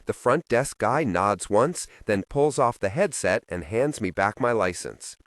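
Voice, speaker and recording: Male audiobook narrator, low voice with lively inflection, measured and introspective, dry close sound. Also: no room sound. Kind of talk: first-person audiobook narration.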